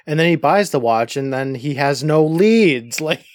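A man's voice: fairly high pitch, animated, normal speed, slight background noise. A man co-hosting a podcast, adding wry quips in a casual movie recap chat. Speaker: podcast co-host.

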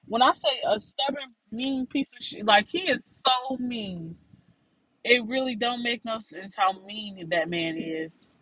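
A woman's voice: a little high, unhurried, fairly bright tone, husky, dry recording, poor audio. A young woman telling a frank story to her listeners in a rambling, casual way.

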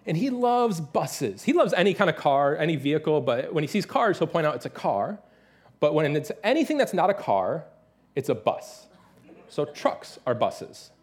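A man in his thirties preaching a sermon as pastor, telling stories with lively, animated delivery and playful imitations. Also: a little high, moderate pace. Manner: animated storytelling, mimics his toddler's excited voice.

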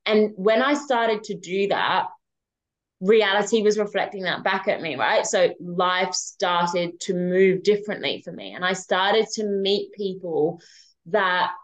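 A woman, a podcast guest, telling a personal story in a casual, animated way with some swearing. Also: mid-range voice, low-quality recording.

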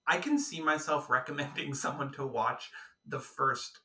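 A man's voice: fairly high pitch, moderate pace, pushed and bright, reverberant, recorded from a distance. A man co-hosting a podcast, chatting casually and jokingly about a film with lots of fillers. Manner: playful, jokey, many fillers. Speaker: podcast co-host. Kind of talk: casual film review chat.

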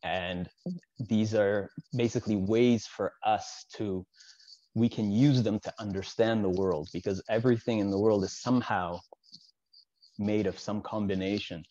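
A man's voice: fairly low pitch, fairly even intonation, a little slow, dark tone, no room sound, muffled recording. A man from the Soviet Union teaching in a casual lecture, explaining as he goes and checking in with the listener. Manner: explanatory, with frequent asides and "right?" check-ins.

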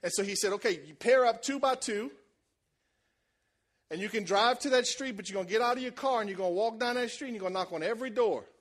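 A man preaching a sermon, telling a lively story and acting out the voices of the people in it, with shouts at the high points. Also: quick pace. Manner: animated, acts out voices, shouts at peaks. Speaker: pastor.

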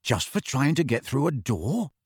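A man voicing a serious, brooding teenage schoolboy wizard in a low, intent voice in a storybook reading. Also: very animated, moderate pace, breathy edge, dry recording, studio quality.

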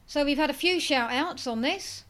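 A woman's voice: sits high, moderate pace, a bit bright. A woman co-hosting a casual film podcast, chatty and self-mocking as she reads out listener comments. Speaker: podcast co-host.

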